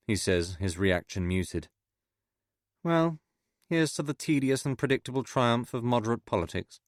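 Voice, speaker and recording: A man narrating an audiobook in a measured reading style, giving the characters only slight changes of voice. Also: mid-range voice, animated, dry recording, studio quality.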